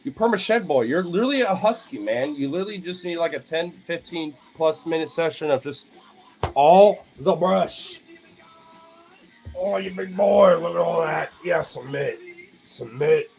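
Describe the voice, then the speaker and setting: A young man chatting playfully to his pet dogs, sliding into high cooing pet talk. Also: lively intonation, a little fast, gravelly, faint music behind. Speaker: dog owner vlogger.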